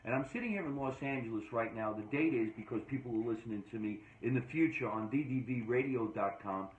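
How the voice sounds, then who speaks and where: A man from New Jersey hosting a casual podcast chat, energetic and joking with emphatic delivery. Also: medium pitch, quick pace. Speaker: podcast host. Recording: echoey room, dull lo-fi sound.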